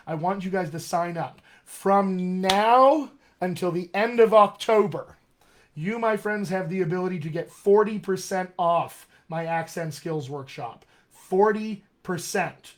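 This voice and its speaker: Upbeat dialect coach, slightly high voice. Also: male voice, a little mellow. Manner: upbeat and persuasive, keeps asking "all right?". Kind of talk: live-streamed coaching talk to actors.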